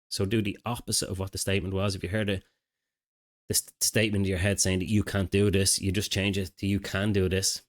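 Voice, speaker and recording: A middle-aged man, a mindset coach, giving a casual, conversational self-help talk to camera. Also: deep voice. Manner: casual, conversational, with filler phrases and restarts.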